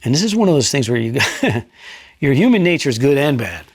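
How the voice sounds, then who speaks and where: A middle-aged retired state trooper from New Jersey telling a case story in an interview, blunt and profane, dropping low and quiet for emphasis. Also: male voice, sing-song, brisk, husky, dry recording.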